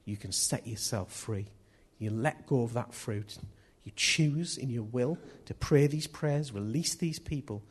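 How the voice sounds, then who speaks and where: Husky-voiced man preaching. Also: medium pitch, a little slow, hardly any pauses. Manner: earnest, repeats key phrases. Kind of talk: sermon.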